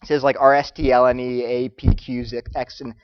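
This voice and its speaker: A man lecturing students, telling stories in an animated way and acting out the voices of the people he quotes. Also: mid-range voice, fairly quick, clear, resonant tone, no echo, highs cut off. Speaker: Christian apologetics speaker.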